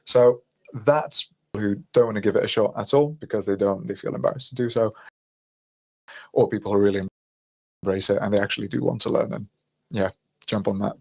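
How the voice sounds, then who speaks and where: A man's voice: fairly low pitch, steady tone, a little fast, vocal fry, long pauses, breathy edge, low-quality recording. A man from Greece chatting casually on a podcast, rambling and laughing a little as he talks. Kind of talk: casual chat.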